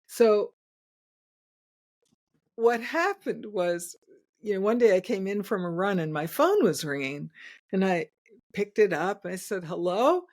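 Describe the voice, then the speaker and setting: A woman's voice: mid-range voice, animated, unhurried, pauses often, a little mellow. An older woman, a guest inventor, telling stories in a chatty interview, laughing often and restarting her sentences. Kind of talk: storytelling in casual interview.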